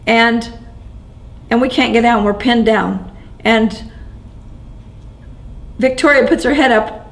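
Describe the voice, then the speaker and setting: A woman being interviewed, telling what she witnessed in a shaken, halting way, often restarting and repeating words. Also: on the high side, creaky, low-quality recording. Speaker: interviewee recounting events as an eyewitness. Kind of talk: first-person eyewitness account.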